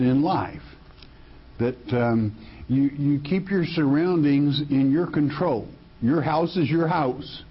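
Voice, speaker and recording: Husky, emphatic man preaching a folksy sermon. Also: medium pitch, lo-fi sound. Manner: folksy, emphatic, repeats words when restarting.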